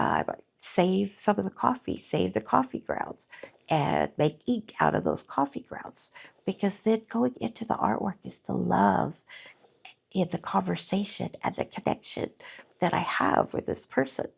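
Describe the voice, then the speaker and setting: A middle-aged woman talking slowly and from the heart in a personal vlog, often pausing to search for words, at times teary-eyed. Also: medium pitch, wildly swooping pitch, gravelly, husky. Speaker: artist vlogger.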